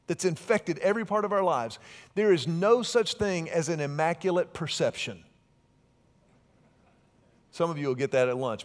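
Preaching man with a higher voice. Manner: conversational preaching with warm asides and dynamic swings from loud to soft. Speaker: pastor. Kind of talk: sermon.

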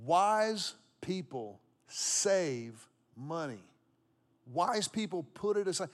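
Fifties male pastor from Texas, slightly high voice, storytelling sermon with repeated punchlines. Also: very animated, takes it slowly. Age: 50s. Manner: storytelling preacher, repeats key phrases for emphasis. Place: church auditorium with congregation.

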